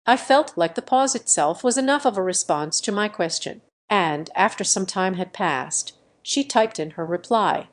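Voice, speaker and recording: A woman narrating a first-person romance audiobook in a gentle, earnest storytelling manner. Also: mid-range voice, animated, moderate pace, few pauses.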